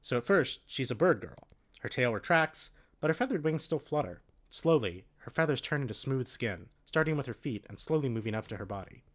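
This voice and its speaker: A man's voice: mid-range voice, sing-song, fairly quick. A man casually reading a storybook aloud with a friend, breaking into jokes and laughter. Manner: laughing, joking asides. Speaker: reader.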